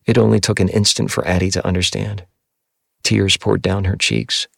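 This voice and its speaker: A man reading a first-person novel aloud in a measured, somber audiobook narration. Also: low voice, flat delivery, vocal fry, a bit bright, dry recording, clean studio sound.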